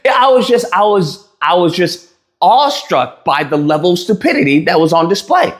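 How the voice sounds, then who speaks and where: A man's voice: sits high, very animated, moderate pace. A man casually retelling a heated argument, acting out the quoted lines with frequent restarts. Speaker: streamer telling a story. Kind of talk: casual storytelling rant. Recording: echoey room.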